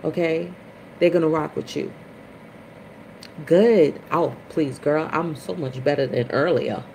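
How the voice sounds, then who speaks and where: A woman hosting a casual spiritual livestream chat, chatty and expressive, greeting viewers by name. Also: unhurried, creaky, slight background noise, low-quality recording. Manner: dramatic swings into high, loud retellings. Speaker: livestream host.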